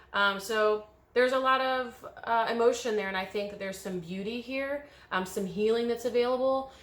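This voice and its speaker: A woman's voice: mid-range voice, reverberant. A woman giving an emotional pick-a-card tarot reading, coaching viewers through a guided visualization. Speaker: tarot reader.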